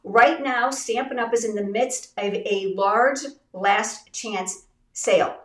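A middle-aged woman from the United States hosting a craft livestream giveaway, upbeat and chatty, congested and a little raspy from illness. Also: a little high, fairly even intonation, slow, a bit bright, echoey room, distant mic. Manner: upbeat, chatty, addresses viewers directly. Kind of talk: live-stream product giveaway chat.

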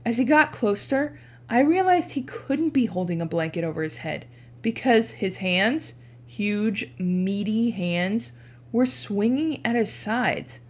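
A woman teacher reading a chapter book aloud with expressive narration. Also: slow. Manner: animated, changes pitch for dialogue.

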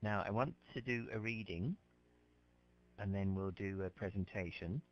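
A man teaching an English class, explaining words slowly and patiently to his students. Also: lowish voice. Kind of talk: classroom lecture. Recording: dull lo-fi lecture recording.

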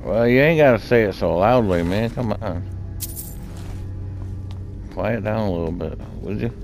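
A man's voice: fairly low pitch, unhurried. A man casually commenting on his own gameplay, chatty and laid-back, thinking aloud as he plays. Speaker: gaming channel host. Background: game music.

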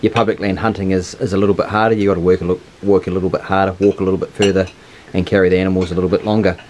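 A fast-talking man, a little low in pitch, guiding hunters through the bush in an easygoing, encouraging way. He is recorded outdoors with a faint hiss behind him. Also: level tone, darkish tone. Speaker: hunting guide and channel host. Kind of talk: casual outdoor instruction and wrap-up chat. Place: outdoors on a hillside.

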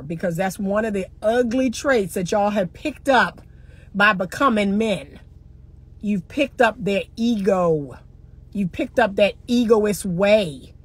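A woman's voice: a little high, slightly rough, rough recording. A woman over forty, giving straight-talking relationship advice as a coach. She talks in a sassy, preachy way, repeats phrases for emphasis, and acts out little scenes.

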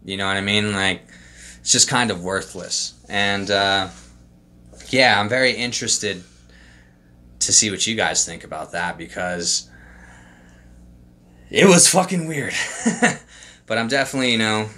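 Young male vlogger, low-ish bright voice, rambling and profane, trip-report storytelling. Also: moderate pace. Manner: loose, profane storytelling with lots of fillers. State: emotional, holding back tears. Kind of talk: casual trip report monologue.

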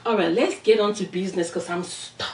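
A woman's voice: mid-range voice, fairly quick, darkish tone, far from the mic, faint music behind. A woman with a Nigerian Yoruba accent hosts an eating show in a playful, chatty way, talking straight to her viewers. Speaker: mukbang host. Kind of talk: casual eating-show chat. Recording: roomy echo, voice off-mic.

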